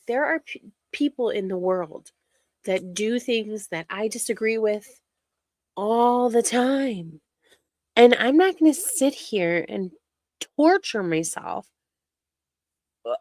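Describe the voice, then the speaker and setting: Exasperated woman commentator, mocking and ranting, dry close sound, mid pitch. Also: no room sound. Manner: exasperated, mocking, talks over clips. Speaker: reaction commentator.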